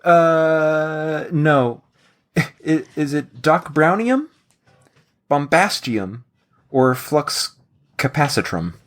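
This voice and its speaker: A man's voice: a little high, very slow, pauses often. A man hosting a casual podcast trivia game, joking around and laughing often. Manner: jokey, laughs often, animated quizmaster delivery.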